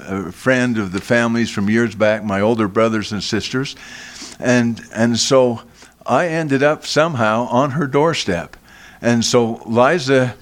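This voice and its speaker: An older man, a guest in a radio studio, telling a long personal story slowly, with frequent restarts and repeated words. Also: mid-range voice. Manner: slow, halting, with many restarts.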